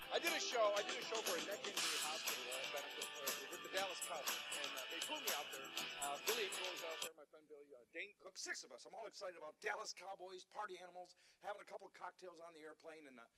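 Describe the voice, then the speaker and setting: Male comic, high, bright and fast, tells animated stories on stage. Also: loud music behind the voice. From Detroit. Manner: animated storytelling, voices for characters. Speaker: stand-up comedian. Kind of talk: stand-up routine. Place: theater stage.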